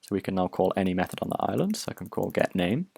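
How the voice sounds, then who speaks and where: A man's voice: low voice, sing-song, fast, vocal fry, darkish tone, slightly rough, dry recording. A man teaching programming in a recorded lecture, explaining step by step in a chatty way with many fillers and restarts.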